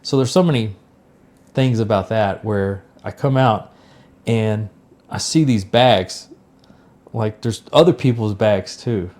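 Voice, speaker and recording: A man's voice: lowish voice, takes it slowly, pauses often. A middle-aged man, co-hosting a podcast, telling a personal story casually and acting out the lines of people in it. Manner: animated storyteller, acts out quoted lines. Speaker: podcast co-host.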